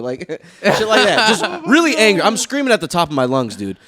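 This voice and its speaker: A young man co-hosting a podcast, casually telling an animated story full of swearing and laughter. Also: a little high, fairly quick, hardly any pauses. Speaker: podcast co-host.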